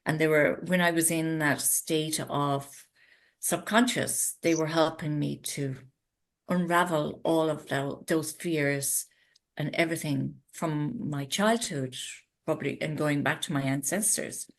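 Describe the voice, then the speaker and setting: A woman's voice: low voice, fairly even intonation, a little slow. A middle-aged Irish woman, a guest in a casual interview, telling her story with animation and acting out her own past thoughts. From Ireland. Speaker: interview guest, retreat owner.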